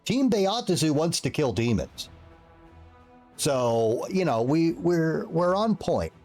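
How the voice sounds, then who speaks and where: A man's voice: a little high, slow, faint music behind. A man streaming, telling a long rambling story in casual chat. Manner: animated, rambling, lots of restarts.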